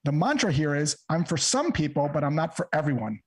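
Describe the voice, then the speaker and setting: Man, sales trainer; calm, measured, methodical; slightly higher, husky voice. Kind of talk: explaining and role-playing a cold call. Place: podcast interview recording.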